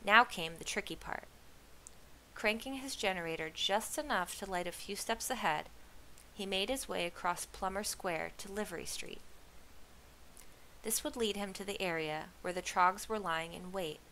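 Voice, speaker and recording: A woman reading a novel aloud with steady, expressive storytelling. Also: medium pitch, moderate pace, a little hiss or hum, rough recording. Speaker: reader.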